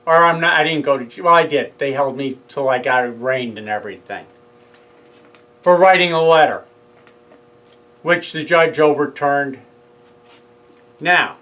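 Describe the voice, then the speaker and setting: A man's voice: a little high, unhurried, pauses often, sharp tone, rough recording. A man telling his own story in a casual monologue, rambling with asides and self-corrections. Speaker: father speaking out about his own court case.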